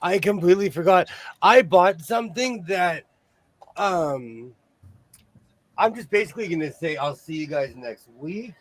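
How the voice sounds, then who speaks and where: A man's voice: high-pitched, measured pace. A man hosting a sewing show, rambling through stories and laughing often in casual chat. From New York State. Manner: rambling, animated storyteller who laughs often.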